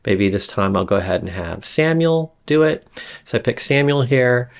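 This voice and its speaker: A man giving a casual screen-recorded software tutorial, rambling with frequent fillers and restarts. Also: mid-range voice, lively intonation, normal speed, clean tone. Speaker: instructor demonstrating software.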